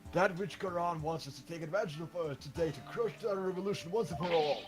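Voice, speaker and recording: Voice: mid-range voice, fast, over music, natural voice. A man voicing a hearty, laughing rebel leader in a fan dub of a game. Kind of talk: fan voice acting over a game.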